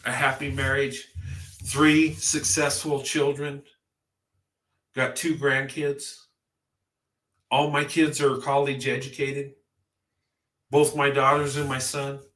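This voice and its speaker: A man's voice: mid-range voice, little pitch movement, slow, pauses often, a bit bright, roomy sound. A man in his fifties giving a heartfelt vlog monologue, earnest and emphatic, building his points through repetition. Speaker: vlogger.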